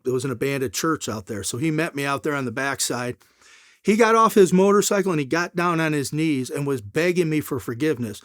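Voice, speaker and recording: A middle-aged man telling a long story as an interview guest, in a casual, animated way, acting out the people in it. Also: on the high side, a little fast, no echo, studio quality.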